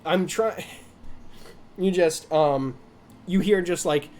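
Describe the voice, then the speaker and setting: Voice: mid-range voice, slow, a little mellow. A game master narrating a tabletop game, rambling with frequent laughter and restarts.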